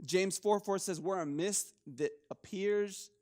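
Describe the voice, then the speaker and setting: A man's voice: high voice, unhurried, darkish tone. A young man preaching a casual sermon, joking with the congregation and restarting his sentences often. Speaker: pastor.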